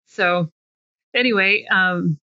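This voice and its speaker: A woman's voice: fairly low pitch, slow pace, dry recording, highs cut off. A woman interviewing a podcast host, asking curious questions and chiming in with short encouragements. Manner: curious, supportive, brief backchannels. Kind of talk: casual conversational interview.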